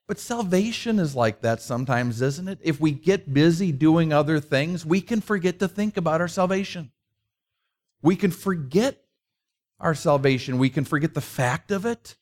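A man's voice: a little high, animated, a little slow. A middle-aged man preaching a conversational sermon, mixing rhetorical questions with personal stories. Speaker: pastor.

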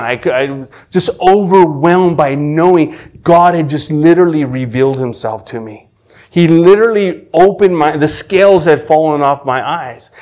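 A middle-aged man telling his personal faith testimony, earnest and emotional, often restarting his sentences and dropping from loud to hushed. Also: a little high, moderate pace. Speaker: testimony speaker.

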